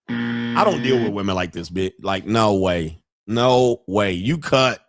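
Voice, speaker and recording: A man's voice: mid-range voice, expressive, a little slow, no room sound, clean studio sound. A man hosting a reaction video, giving brash, crude commentary and mocking the people he watches. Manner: brash, laughing, mock-quoting others.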